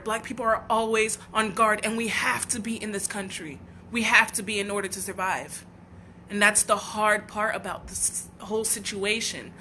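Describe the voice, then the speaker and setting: A woman's voice: a little high, sharp tone, a little hiss or hum. A woman from the United States hosting a livestream, talking in a raw, earnest and heartfelt way, often breaking off and restarting her sentences. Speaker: livestream host. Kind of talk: emotional personal livestream talk.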